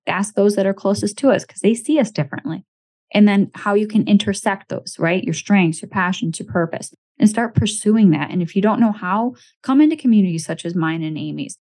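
A woman's voice: mid-range voice, a little fast, a little mellow. A woman hosting a podcast in casual chat, talking in an emphatic, motivational way and often checking in with "right?". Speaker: podcast host.

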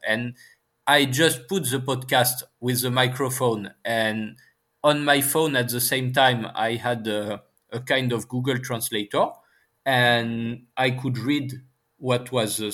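A man's voice: mid-range voice, a bit bright. A man from France with a French accent, a guest in an interview, explaining earnestly with many fillers. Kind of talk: conversational interview. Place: Paris, lives there.

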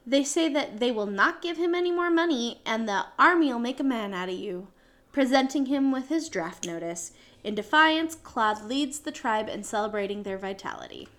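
A woman's voice: a little high, lively intonation, normal speed, a bit bright. A woman co-hosting a podcast, reading out a show synopsis from a script with small slips and self-corrections. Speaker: podcast co-host.

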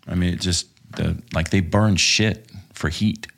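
Low gravelly man telling a profane story. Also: measured pace. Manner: profane, laughing, animated storytelling. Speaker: podcast guest, former contractor. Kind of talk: casual storytelling.

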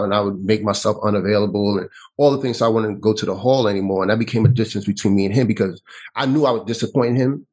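A man, telling a personal story as an interview guest, with halting speech that often restarts and repeats. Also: lowish voice, poor audio. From New York City. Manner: halting, with frequent restarts and repetitions.

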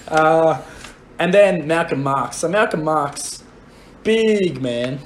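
Young aussie bloke telling a pub yarn, dry and sweary, voice a bit high, faint hiss. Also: male voice, very slow, long pauses. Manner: blunt, profane, deadpan. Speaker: podcast co-host. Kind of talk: casual storytelling.

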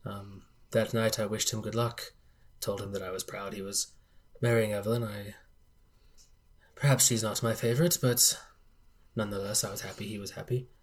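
A man voicing a formal old nobleman in his seventies, subdued and measured. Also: lowish voice, fairly even intonation, pitched below the performer's own voice, close to an everyday voice. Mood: grieving.

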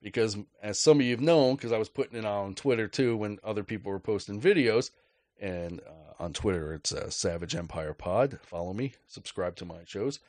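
A man's voice: fairly low pitch, normal speed, darkish tone, dry recording. A man hosting a podcast, telling a story in a casual rant with a profane, sarcastic, joking manner. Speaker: podcast host.

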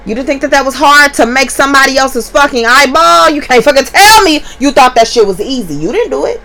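A woman, a stay-at-home mother hosting her podcast from home in a blunt, profane, emphatic monologue that jumps up in pitch when she gets heated. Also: expressive, a little fast, sharp tone. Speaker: podcast host. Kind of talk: candid monologue. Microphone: podcast mic.

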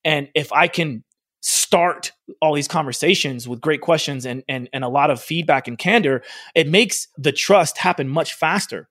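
Animated man telling a personal story. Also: on the high side, moderate pace, no echo, clean studio sound. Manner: animated, acts out quoted dialogue, frequent "like". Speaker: fitness studio owner and trainer.

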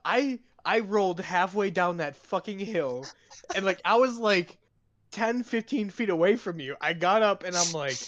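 A man's voice: high voice, lively intonation, moderate pace, fairly bright tone, no room sound. Self-mocking young man, muffled sound. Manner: laid-back, self-mocking, swearing. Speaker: podcast co-host. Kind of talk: casual chat. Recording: muffled, slightly lo-fi.

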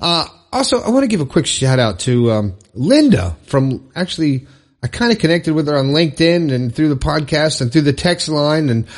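A male podcast host speaking on his own. His slightly high voice swings up and down a lot as he talks. He sounds encouraging and chatty, and he drifts into casual fillers and restarts. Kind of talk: upbeat solo podcast monologue.

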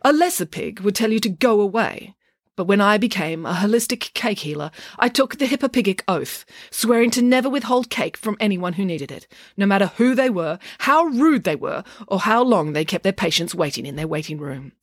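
A woman's voice: mid-range voice, expressive, dry recording, clean studio sound, voice pushed up, close to an everyday voice. Nanny Piggins, a bossy pig, as a woman puts her on. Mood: lofty. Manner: brisk and bossy. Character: bossy, self-assured female pig nanny.

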